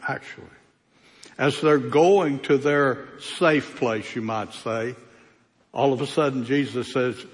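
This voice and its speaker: A man preaching a sermon as pastor, speaking with slow, emphatic delivery and long pauses. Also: mid-range voice, long reverb tail.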